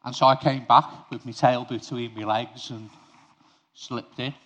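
A man's voice: medium pitch, steady tone, unhurried, fairly bright tone, muffled recording. A man preaching an informal sermon to his congregation. He talks conversationally, speaks to them directly and tells personal stories.

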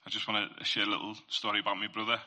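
Man, informal faith talk, earnest and conversational, somewhat low voice, very bright edge. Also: level tone, racing. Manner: earnest, conversational, addresses listeners directly. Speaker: Christian speaker sharing testimony.

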